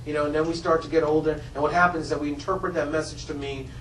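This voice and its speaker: A man's voice: on the high side, steady tone, quick pace, few pauses, fairly bright tone, slight background noise. A man speaking earnestly in a one-man stage show, telling a personal story to an audience. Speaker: motivational speaker and actor. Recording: roomy hall, from far off.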